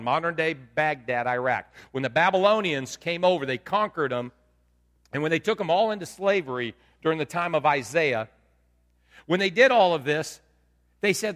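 A man preaching a lively sermon to his congregation, asking them questions as he goes. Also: on the high side. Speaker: pastor. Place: church sanctuary. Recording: long hall reverb.

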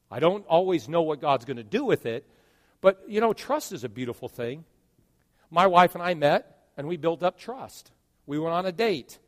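Preaching man in an echoing church. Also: on the high side. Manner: dynamic preaching that swings from hushed to loud. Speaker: pastor. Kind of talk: sermon. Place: church sanctuary. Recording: long reverb of a large church hall.

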